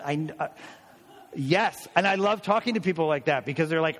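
A man preaching a sermon as a pastor, in an animated, conversational way, acting out people's voices as he tells the story. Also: on the high side, brisk, big-room sound. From United States.

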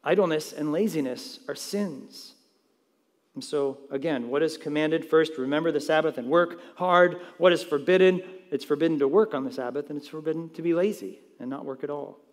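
A slightly high-voiced man preaching from the pulpit, pressing each point home and asking the room questions he then answers. His voice rings out with a long reverb tail, as in a large church sanctuary. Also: moderate pace. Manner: emphatic preaching with rhetorical questions. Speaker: pastor. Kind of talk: sermon.

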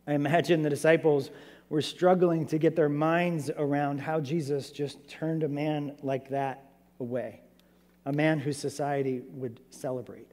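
A man preaching a sermon as pastor, animated and conversational, asking his church many rhetorical questions. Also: on the high side, measured pace, in a large hall.

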